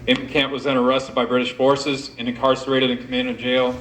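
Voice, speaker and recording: A man's voice: mid-range voice, completely flat delivery, fairly quick, fairly bright tone, a little hiss or hum. A man giving an informal, jokey historical talk to a live audience at a pub event, directing volunteers as he goes. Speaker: event speaker. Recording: echoey room recording.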